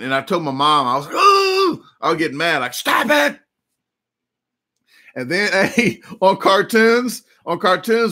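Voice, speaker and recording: Bright-voiced rambling Southern man. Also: fairly high pitch. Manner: rambling, jokey storytelling. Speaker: livestream host. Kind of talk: casual live chat.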